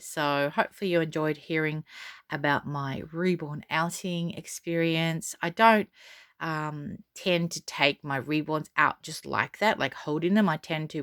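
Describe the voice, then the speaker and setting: A woman's voice: sits low, a bit bright, smooth, no echo, studio quality. A middle-aged woman telling a story for her vlog in a chatty, rambling way, full of restarts and fillers, and defiant about what others think. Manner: defiant, unbothered. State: frog in her throat. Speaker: vlogger.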